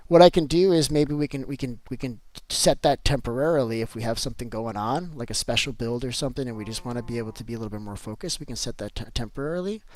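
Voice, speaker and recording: A man's voice: mid-range voice, quick pace, few pauses, a little mellow. A man chatting casually with viewers on a live game stream, answering chat and repeating himself as he talks.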